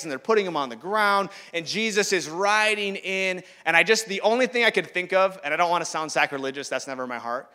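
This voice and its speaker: A man giving a sermon in a conversational way, acting out the voices he quotes and swinging from loud to hushed. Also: sits high, smooth. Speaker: pastor.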